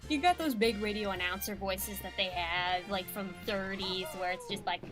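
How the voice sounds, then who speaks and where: A woman's voice: medium pitch, normal speed, music in the background. A tired woman chatting on a call with a game streamer, laid-back and giggly. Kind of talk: casual call chat.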